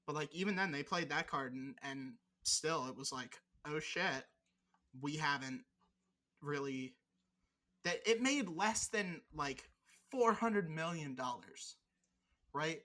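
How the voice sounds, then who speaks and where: A podcast co-host talks in loose, rambling casual chat with a bright, forceful tone. The talk is teasing and sprinkled with swearing. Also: medium pitch, expressive, unhurried.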